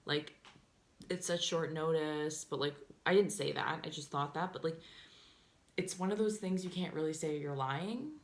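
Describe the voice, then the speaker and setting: A woman's voice: low voice, moderate pace, roomy sound. A young woman vlogger telling a story in casual chat, full of "like" and "um", and acting out what people said. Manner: chatty, fillers of "like" and "um" throughout; acts out quoted lines in animated voices.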